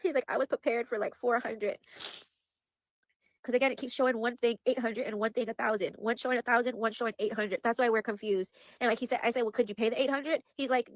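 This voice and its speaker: Young woman, worried casual vlog, rambling, quick pace, dry close sound. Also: a little high, fairly even intonation, dry recording. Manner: rambling, repeats herself, heavy use of "like" and "you guys". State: upset and worried. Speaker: vlogger. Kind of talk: emotional casual vlog to viewers.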